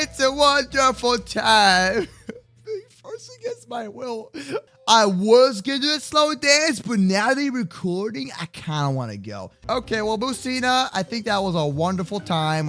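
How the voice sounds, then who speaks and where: A man talking excitedly and loudly with lots of slang while roleplaying through a video game. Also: high voice, unhurried, faint music behind. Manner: excitable, loud, slangy, often exclaiming. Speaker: YouTube gamer roleplaying in Minecraft. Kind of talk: energetic gaming roleplay chat.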